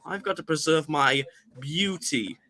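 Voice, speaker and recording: A man voicing a snobbish, vain red train engine in a thick Liverpool accent, speaking slowly. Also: fairly high pitch, bright, forceful tone, slight background noise. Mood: haughty. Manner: slow, haughty.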